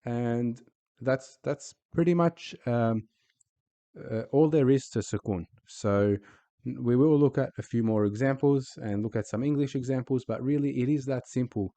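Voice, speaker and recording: A man's voice: medium pitch, normal speed, warm tone. A man teaching a recorded Arabic lesson, speaking patiently and repeating each example word.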